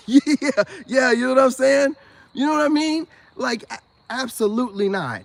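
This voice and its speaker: High-voiced laughing American man. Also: animated, moderate pace, gravelly. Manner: laughs often, loose slangy delivery. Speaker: spiritual self-help vlogger. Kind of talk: casual rambling commentary to viewers.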